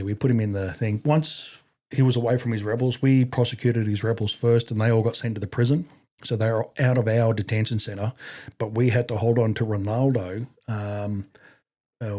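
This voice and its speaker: An Australian man in his fifties, an ex-army guest on an interview, shares stories in a relaxed way. His voice is lowish and warm, and his talk meanders with fillers and casual profanity.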